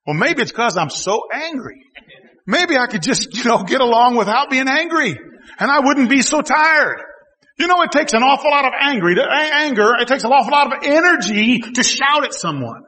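A man preaching a sermon to a congregation, talking to them directly, laughing at times and rising to shouts. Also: very high voice, big pitch swings, normal speed, in a large hall. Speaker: pastor. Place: church hall.

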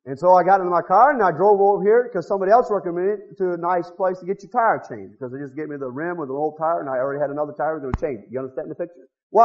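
A middle-aged man preaching a revival sermon, folksy and full of rhetorical questions, swinging from loud shouts to low muttered asides. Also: very fast, few pauses. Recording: dull lo-fi recording.

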